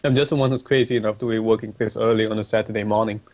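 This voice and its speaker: A man's voice: on the low side, fairly even intonation, racing, a little mellow. A man on a livestream casually reading out chat messages and answering them, polite and a bit hesitant, with ums and restarts. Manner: polite and laid-back.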